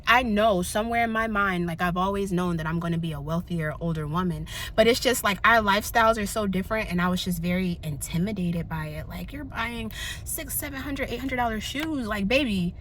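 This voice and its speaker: A young woman vlogging in candid casual chat, animated and slangy, often laughing. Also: medium pitch, brisk, hardly any pauses, slight background noise.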